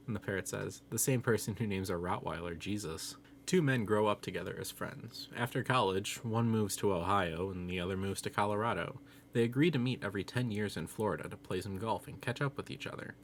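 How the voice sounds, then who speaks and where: A man narrating a run of jokes with a dry, even delivery of setups and punchlines. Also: on the low side, slight background noise. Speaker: joke narrator. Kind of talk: scripted joke telling.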